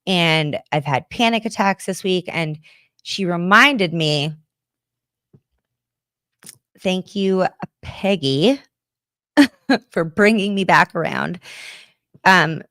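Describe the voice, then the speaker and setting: A woman's voice: fairly low pitch, takes it slowly, pauses often, a bit bright, dry recording, studio quality. Candid, swearing American woman host. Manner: chatty, confessional, swears casually. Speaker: podcast host. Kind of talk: candid livestream chat with viewers.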